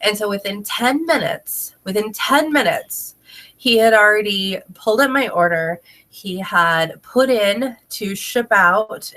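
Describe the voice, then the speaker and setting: A woman's voice: medium pitch, a bit bright. Chatty congested woman laughing through a story. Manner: chatty, laughs often, talks to her child between sentences. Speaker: direct sales consultant. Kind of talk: casual video tutorial. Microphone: camera mic, talking to camera.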